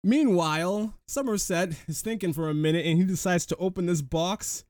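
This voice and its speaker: A man's voice: high voice, moderate pace, a little mellow, no room sound. Male podcast host, chatty plot recap, dry close sound. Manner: retells the plot step by step, chatty. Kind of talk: casual movie recap chat.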